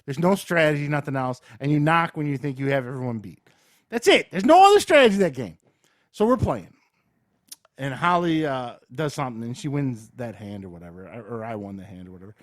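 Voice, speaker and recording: A man's voice: medium pitch, sing-song, fairly quick, dry recording, studio quality. A man co-hosting a podcast, telling a story in a worked-up, cursing way. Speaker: podcast co-host. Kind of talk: casual chat.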